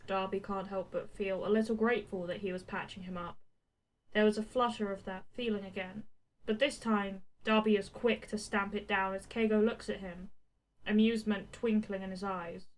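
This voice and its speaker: A woman reading a fan fiction story aloud, with expressive narration. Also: medium pitch, poor audio. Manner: expressive, swears in the text freely.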